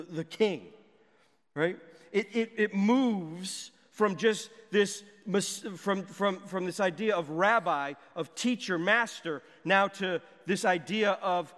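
A man with a notably high voice for his sex works through a Bible passage as a teacher. He keeps turning to his listeners with a questioning "right?" His voice rings out with a long, lingering reverb, like a large hall. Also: a bit bright. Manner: checks in with the listener with frequent "right?".

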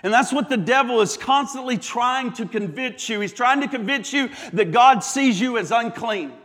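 A man's voice: very high voice, normal speed, fairly bright tone, in a large hall. A man, a pastor preaching a sermon in a church, impassioned, stacking repeated phrases and stumbling through restarts.

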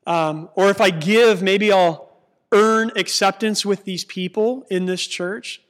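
A male pastor with a high-pitched voice preaches an earnest sermon. He reads scripture aloud and slows down to stress key words. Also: fairly even intonation, a bit bright.

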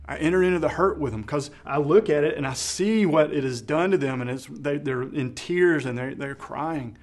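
A man's voice: on the high side, normal speed. Earnest man preaching a sermon. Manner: earnest, conversational preaching with frequent restarts. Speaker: pastor.

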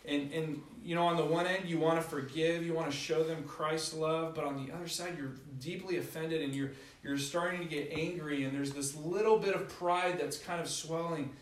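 A man's voice: on the high side, fairly even intonation, moderate pace, hardly any pauses, far from the mic. A young adult man preaching a conversational sermon, telling stories with self-deprecating humor. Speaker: pastor. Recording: echoey hall, voice from afar.

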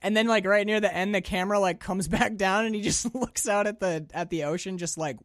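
A man's voice: high-pitched, a little fast, no echo. A man riffing on a film in a podcast chat, his voice swinging through a wide range as he acts out lines and swears with gusto. The sound is dry and close, with no room around it. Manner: animated, swears freely, acts out characters' lines. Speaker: podcast co-host. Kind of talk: casual movie discussion.

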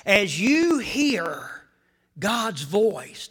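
A man preaching a sermon to a church congregation, swinging between hushed whispers and loud, dramatic shouting. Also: sits high, sing-song, drawn-out words, slightly rough. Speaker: pastor.

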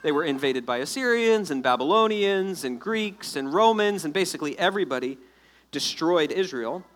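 A man preaching a sermon to his congregation, explaining scripture in a lively, joking way and acting out the people in the story. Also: fairly high pitch, moderate pace. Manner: animated, jokey storytelling with acted-out asides. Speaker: pastor.

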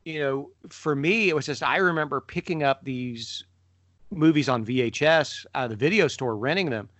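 A middle-aged man co-hosting a podcast, telling stories in a lively way and jumping up in pitch when he mimics people. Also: moderate pace, no room sound. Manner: animated storyteller, mimics voices with sudden pitch jumps. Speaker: podcast co-host. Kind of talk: casual conversation.

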